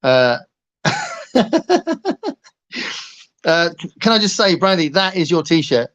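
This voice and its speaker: A man's voice: high-pitched, wildly swooping pitch, takes it slowly, fairly bright tone. A man hosting a livestream, chatting casually and playfully with viewers, laughing often and rambling between topics. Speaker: livestream host. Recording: muffled lo-fi livestream audio.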